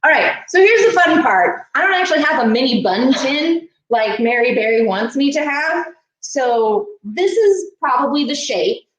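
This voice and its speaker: A woman's voice: sits high, animated, moderate pace. A woman hosting a live baking stream from her kitchen, chatting and explaining each step with jokes. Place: home kitchen. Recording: echoey kitchen room.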